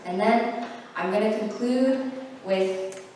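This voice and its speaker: A woman's voice: a little high, takes it slowly, a little mellow, slight background noise. A young woman giving a casual presentation with plenty of fillers and self-corrections, a little short of breath. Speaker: guest speaker. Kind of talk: presentation talk. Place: large hall. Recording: echoey hall, far from the mic.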